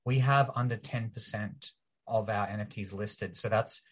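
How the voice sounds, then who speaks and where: A guest on a casual podcast interview, this man is a member of a project team and eagerly explains his team's project in detail. His voice is fairly low, with fairly even intonation and a moderate pace.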